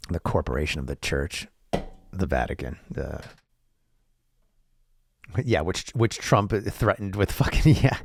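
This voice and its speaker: A man's voice: low-pitched, creaky, darkish tone, dry recording, studio quality. A man hosting a solo podcast monologue, rambling with profane, sarcastic asides and frequent restarts. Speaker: podcast host.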